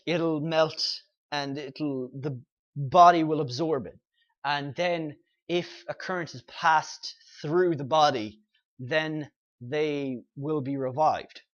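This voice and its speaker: A man's voice: fairly high pitch, a bit bright, highs cut off. A man hosting a comic review show, casually retelling the plot with lots of fillers and quoted dialogue. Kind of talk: casual spoken recap and review.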